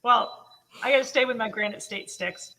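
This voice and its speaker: A woman's voice: on the high side, moderate pace, sharp tone, low-quality recording. A woman guest on a casual live stream, friendly and hesitant, using many fillers. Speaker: guest analyst.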